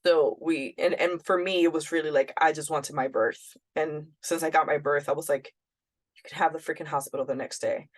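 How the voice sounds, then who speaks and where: A woman's voice: low-pitched, fairly even intonation, fairly quick. A woman co-hosting a podcast, telling a personal story in a candid, blunt way and often quoting herself. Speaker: podcast co-host.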